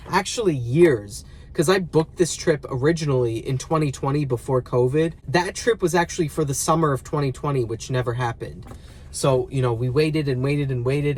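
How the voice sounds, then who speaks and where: Whiny, dramatic man venting. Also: fairly high pitch. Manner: dramatic, mock-complaining, exaggerated. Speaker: vlogger. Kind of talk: casual vlog monologue. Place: parked car.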